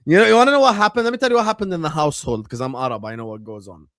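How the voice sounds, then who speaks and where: A man's voice: fairly high pitch, rapid-fire, no room sound. Chatty man, dry close sound. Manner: chatty, bursts into excited shouting at goals. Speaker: livestream host. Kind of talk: casual live watchalong commentary.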